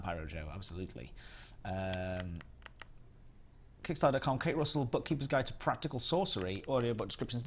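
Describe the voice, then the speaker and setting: A young man hosting a live game stream, chatting casually and greeting viewers by name in an upbeat way. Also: medium pitch.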